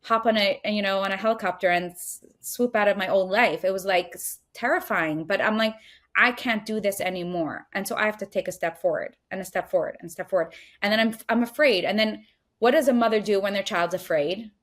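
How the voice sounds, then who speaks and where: A middle-aged woman, a podcast guest, speaking earnestly as she teaches in a warm conversational way. She repeats phrases for emphasis and acts out inner voices. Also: medium pitch, brisk.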